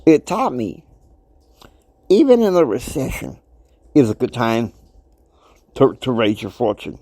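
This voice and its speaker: A male podcast host in his fifties gives a motivational monologue, unhurried, with a lively, swooping pitch. He's emphatic and preachy, swinging between quiet asides and loud outbursts. The recording is dry and close, with no room sound.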